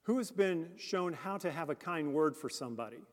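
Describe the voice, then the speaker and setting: A man's voice: on the high side, lively intonation, moderate pace. A man preaching a sermon as a deacon, earnest and speaking directly to the congregation with questions. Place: church. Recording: long church reverb.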